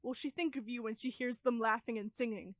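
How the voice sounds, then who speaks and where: A woman's voice: on the high side, steady tone, fairly quick, no echo, lightly acted. A woman actor playing a taunting woman's voice that accuses a silenced nymph, in an experimental theater monologue. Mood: accusing. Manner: accusing, rising to intense repetition. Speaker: stage actor.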